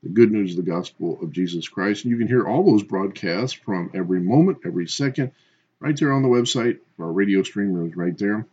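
A man with a low, husky voice reads a brisk station announcement, reeling off web addresses one after another. The broadcast audio sounds dull and lo-fi. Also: darkish tone. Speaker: radio announcer.

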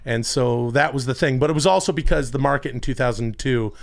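A man's voice: mid-range voice, brisk, creaky. A man, a podcast guest, chatting casually and telling a rambling story, acting out the people he quotes in a raised voice. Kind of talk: casual chat. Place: Los Angeles.

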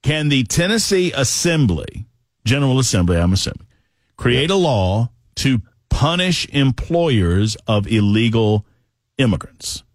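A man's voice: mid-range voice, big pitch swings, a little slow, no room sound, studio quality. A man with a Southern accent hosting a radio call-in show, reading listener questions aloud and bantering with his guest in a friendly way. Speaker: radio talk show host.

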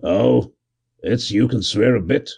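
A man voicing a gruff male police constable who grumbles and growls. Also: mid-range voice, slow pace, darkish tone, exaggerated voice. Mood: grumbling.

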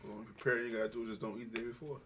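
A man joining a casual podcast chat in a comic shop, joking around and quickly agreeing or pushing back. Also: medium pitch, flat delivery, a bit bright, a little hiss or hum. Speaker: podcast guest.

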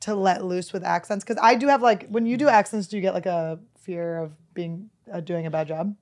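A woman's voice: fairly low pitch, fairly quick, darkish tone. Rambling storyteller woman, podcast co-host. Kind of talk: casual chat.

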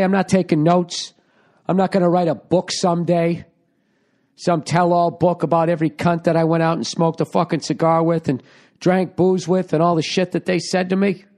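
With a high, darkish voice, a middle-aged podcast host rambles through a casual monologue recorded at home. He's sarcastic and swears freely along the way.

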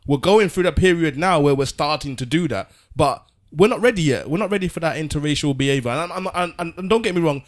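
A man's voice: a little high, animated, quick pace, hardly any pauses. A man explaining his view in casual podcast talk, earnestly, often repeating words as he works through a point. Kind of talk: casual discussion.

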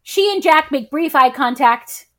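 A woman's voice: sits high, expressive, a little slow, fairly bright tone. A woman co-hosting a podcast, recapping a movie in casual chat with jokes and frequent giggles. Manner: joking, giggly, self-deprecating. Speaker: podcast co-host.

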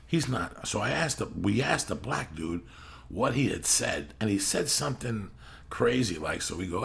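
A middle-aged man with a very low, gravelly voice spins a rambling, swear-heavy story in casual podcast chat. He slips into loud bursts when he acts out what people said. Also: animated, moderate pace. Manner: profane, rambling, bursts into yelling when acting out quotes. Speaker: podcast host.

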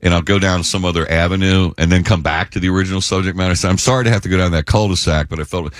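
A man's voice: low voice, steady tone, racing, no echo. A man hosting a radio talk show in a studio, talking with enthusiasm and a rambling flow. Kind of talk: radio interview.

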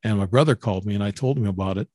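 A man in his seventies from Illinois, a guest on an interview, telling his own story in a halting way with many repeated words and restarts. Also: on the low side, mellow, slightly rough, no echo, studio quality. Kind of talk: interview, personal account.

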